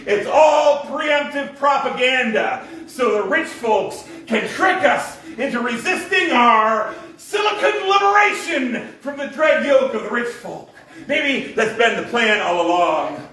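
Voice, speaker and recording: A man's voice: very high-pitched, animated, a little slow, bright, forceful tone. A male comedian doing a stand-up set at a coffee shop open mic, with sarcastic, mock-conspiratorial rants. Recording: echoey room, mic at a distance.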